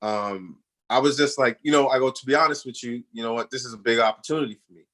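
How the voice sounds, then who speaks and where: A man's voice: mid-range voice, quick pace. A man guest on a radio show, telling stories in a loose, slangy way and acting out other people's voices. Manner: animated storyteller, acts out others' voices in quotes; slangy, repeats "you know what I'm saying". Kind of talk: casual storytelling interview.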